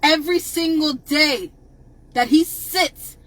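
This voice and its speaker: A woman on a livestream, angrily ranting to viewers, swearing and often shouting. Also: sits high, takes it slowly, rough recording. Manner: angry, profane, repeatedly shouting at viewers. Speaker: advocate on a livestream. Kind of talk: impassioned livestream rant.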